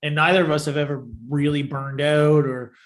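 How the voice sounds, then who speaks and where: A man's voice: a little high, little pitch movement, moderate pace. A man co-hosting a livestream, talking earnestly and straight to the listeners. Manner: earnest, talks straight to the audience. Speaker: podcast co-host, agency owner. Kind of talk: casual livestream chat.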